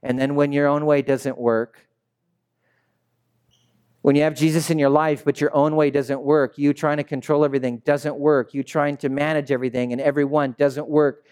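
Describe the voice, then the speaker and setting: A man preaching a sermon as a pastor, telling the story in a lively, dramatic way, sometimes shouting and sometimes dropping to a hush. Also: fairly high pitch, normal speed, smooth. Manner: animated storytelling preacher, swinging between shouts and hushed asides.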